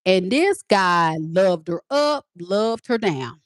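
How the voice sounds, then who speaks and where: A woman, a teacher and tarot reader, casually telling her viewers a story in an animated, emphatic way, repeating lines for effect. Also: mid-range voice, slow, no echo, clean studio sound. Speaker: tarot reader and spiritual advisor.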